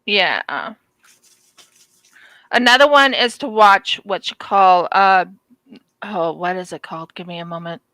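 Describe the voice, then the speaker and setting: A woman chatting casually as a crafting collab guest, speaking slowly with a lively, often laughing manner. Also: fairly low pitch, dry recording, poor audio. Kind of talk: casual chat on a video call.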